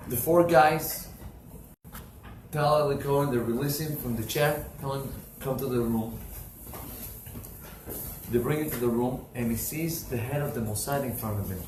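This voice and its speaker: A man preaching as a rabbi, telling stories with lively swings and bursts of loud voice. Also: mid-range voice, noisy background. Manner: animated storyteller, bursts into shouting for quoted characters. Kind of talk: sermon with told stories. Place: synagogue. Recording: roomy echo, faint ambience.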